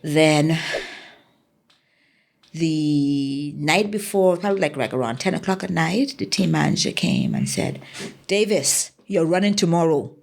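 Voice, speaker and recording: A Bahamian woman tells stories from her running career as an interview guest. Her voice sits fairly low, with a gravelly fry and a husky, breathy edge. She is an animated storyteller who acts out the dialogue. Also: unhurried. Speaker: guest, former track athlete.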